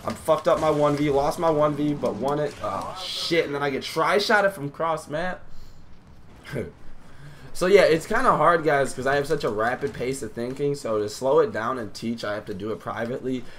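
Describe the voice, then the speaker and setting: A young gaming YouTuber gives slangy, hyped live commentary over his own match, breaking into loud outbursts at the action. His voice is mid-range and his pace moderate.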